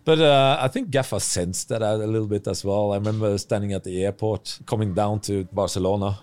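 A man who is a former footballer, a guest on a podcast, talking in a relaxed and halting way as he searches for his words. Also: fairly low pitch.

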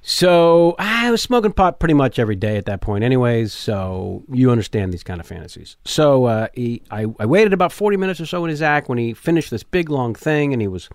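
A man who is a guest on a podcast tells a long story with lively energy and acts out voices along the way. His pitch is in the middle range. The sound is dry and close, recorded on a studio mic in a garage. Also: brisk, hardly any pauses, dry recording. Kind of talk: animated storytelling in casual chat.

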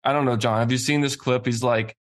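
A man's voice: medium pitch, steady tone, a little fast. A male sports host who talks casually about hockey. His voice sits in a middle range, and he builds each point through repetition in an incredulous tone.

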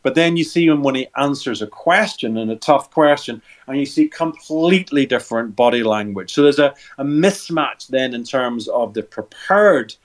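A man's voice: medium pitch, lively intonation, normal speed, hardly any pauses. A middle-aged man, a body language expert, answering interview questions in an instructive way, walking the listener through hand gestures step by step and repeating words as he restarts sentences.

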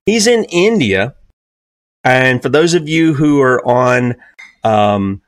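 A man's voice: medium pitch, big pitch swings, slow pace, no room sound. A man in his fifties with a Southern US accent hosting an opinionated talk radio show, asking rhetorical questions and pushing his voice up on key points. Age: 50s.

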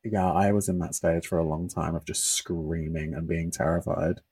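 A young British man co-hosting a podcast in casual chat, campy and animated, with sassy quips. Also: low voice, normal speed, slightly rough. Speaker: podcast co-host.

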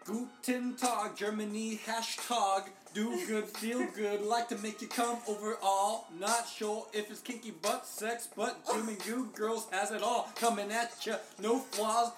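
A man freestyle rapping rhyming shout-outs over a beat, repeating a catchphrase. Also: sits high, little pitch movement, unhurried, few pauses, reverberant, faint music behind. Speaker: podcast co-host.

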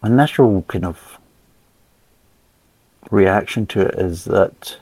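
A man with a deep, gravelly, slightly husky voice rambles through a casual beer review. He talks bluntly and swears freely. The sound is close and dry. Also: slow, a little mellow, no room sound, poor audio.

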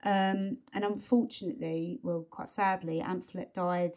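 A woman's voice: on the low side, steady tone, unhurried, darkish tone. A woman co-hosting a podcast, chatting casually about a song, rambling with lots of fillers and restarts. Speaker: podcast co-host.

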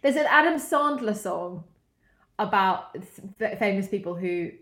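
A woman's voice: mid-range voice, expressive, measured pace, fairly bright tone, roomy sound. A woman co-hosting a casual chat, playful and chatty. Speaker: podcast co-host.

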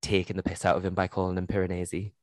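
Low-voiced Geordie woman chatting books. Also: level tone, very fast, darkish tone, no echo. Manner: chatty, swears freely, laughs often. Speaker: podcast co-host. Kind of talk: casual book-club chat.

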